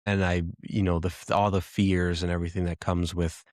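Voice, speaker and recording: In a very low, flat, slightly mellow voice, a man in his thirties hosts a podcast and talks through something personal. He pauses and starts over often as he reflects, halting along the way. The audio is dry and close, with no echo.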